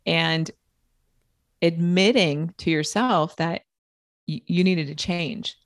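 A woman with a notably low voice co-hosting a podcast in easygoing chat. She sounds upbeat and encouraging and leans on filler words. The sound is dry and close, with almost no room echo. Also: slow. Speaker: podcast co-host. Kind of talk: casual chat.

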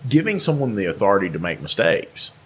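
A deep, slightly husky man with a melodic Southern twang, co-hosting a live podcast. He tells stories with lots of pitch swing and bounces into the voices of the people he quotes. He sounds relaxed and chatty. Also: fast talker. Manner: animated storyteller acting out quoted voices. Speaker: podcast co-host and shop owner. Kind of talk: casual live podcast chat. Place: live at a trade conference.

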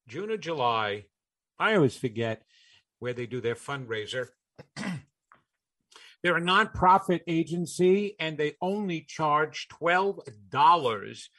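A man's voice: mid-range voice, fairly bright tone. A man hosting a live call-in radio show, chatting in a rambling, self-amused way.

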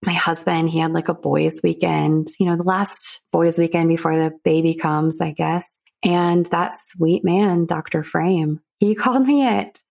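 A young woman with a lowish, gravelly voice tells her story as an interview guest. She talks casually, cracking self-deprecating jokes and leaning into the retelling. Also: unhurried, few pauses. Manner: jokey, self-deprecating, animated.

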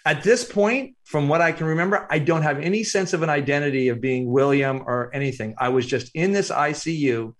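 Reflective man with a higher voice. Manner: reflective, unhurried, halting with fillers. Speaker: author guest. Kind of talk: storytelling interview.

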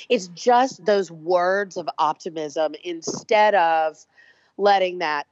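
A woman's voice: lowish voice, slow, darkish tone, dry recording. Brash, profane woman artist, dull lo-fi sound. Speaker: interview guest, artist. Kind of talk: casual conversational interview.

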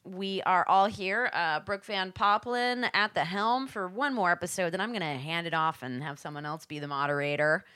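A woman hosts a casual podcast chat, trading jokes and self-mocking asides. Her voice is bright and forward, and it sounds close and dry with no room around it. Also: lowish voice, normal speed, few pauses, clear, resonant tone, dry recording. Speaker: podcast host and moderator.

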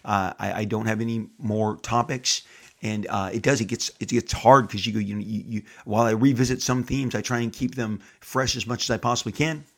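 A man's voice: lowish voice, fairly even intonation, a little fast. A middle-aged man hosting a podcast into a studio microphone, talking in an enthusiastic, rambling way with many restarts. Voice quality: gravelly, husky. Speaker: podcast host. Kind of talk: casual podcast monologue.

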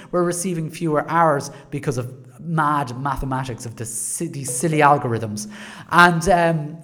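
An Irish podcaster holds forth in a solo monologue about schools. The delivery is sarcastic and full of wry asides. The pitch rises and falls a lot. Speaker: education podcaster.

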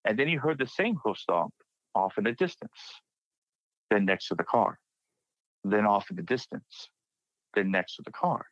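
A young man from Texas, with a somewhat low voice, tells a spooky personal story in a relaxed way, now and then jumping up high to act out his scared friends. The sound is dry and close, with a dull, slightly lo-fi tone. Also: normal speed, pauses often, no room sound. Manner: animated retelling, acting out friends' panicked quotes. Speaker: guest sharing a personal paranormal story. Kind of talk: casual spoken storytelling. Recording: dry, dull lo-fi podcast mic.

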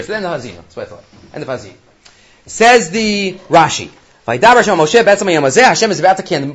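A man teaching a Torah class in a lively lecturing manner, acting out quoted voices and weaving in Hebrew terms. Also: a little high. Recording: dull lo-fi recording.

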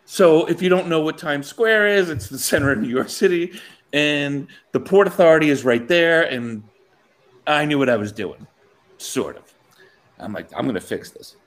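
Man, animated storyteller with a fairly high, swooping voice. Casual anecdote, quotes people, frequent laughs. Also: moderate pace.

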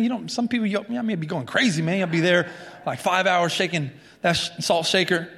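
A man's voice: high voice, a little fast, a bit bright. A man preaching a sermon as pastor, conversational with frequent restarts and casual asides. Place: church. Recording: long church reverb.

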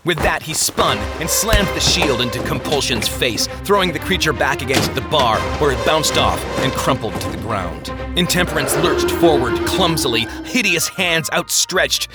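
A man reading a story aloud as narrator, with an expressive delivery. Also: fairly high pitch, moderate pace, few pauses, over loud music.

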